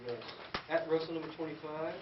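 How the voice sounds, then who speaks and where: A man working as a guest conductor at a school band rehearsal, animated and playful, quizzing the students. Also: a little high, a little fast. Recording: distant, echoey, dull room recording with hiss.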